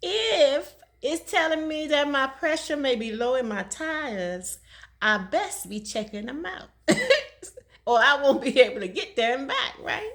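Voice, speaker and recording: A woman telling a personal story in a casual vlog, talking fast and laughing often. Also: high-pitched, animated, a bit bright. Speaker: vlogger.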